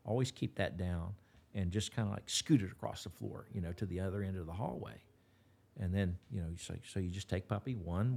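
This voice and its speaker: A man's voice: low-pitched, fairly quick, vocal fry, darkish tone, breathy edge. A man with an Appalachian accent, a dog trainer talking as an interview guest in a folksy, rambling way with many restarts. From West Virginia. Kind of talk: casual interview talk.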